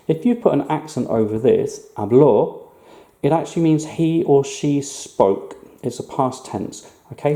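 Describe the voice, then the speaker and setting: Male language teacher, patient and clear, mellow tone, roomy echo. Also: mid-range voice. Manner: clear, patient explaining with slow repeated words. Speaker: Spanish teacher. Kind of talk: online language lesson.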